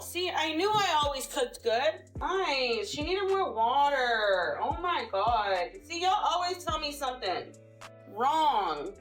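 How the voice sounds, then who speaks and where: Woman livestreamer, high voice, rambling defensive rant to viewers, faint music. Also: big pitch swings, unhurried, fairly bright tone.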